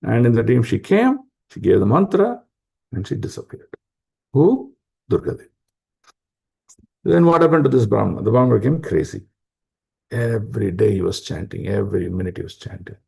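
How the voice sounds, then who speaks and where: A man's voice: fairly low pitch, animated, normal speed, gravelly, long pauses, a little mellow, breathy edge. A man giving an informal scripture class, explaining step by step with rhetorical questions and many fillers. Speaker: spiritual class speaker.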